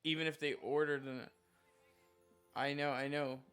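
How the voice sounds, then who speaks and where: Bright, crisp-voiced male streamer ranting. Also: a little high, little pitch movement, unhurried, soft background music. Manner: rambling, profane, heavy on "like" fillers. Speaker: live streamer. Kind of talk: casual storytelling rant.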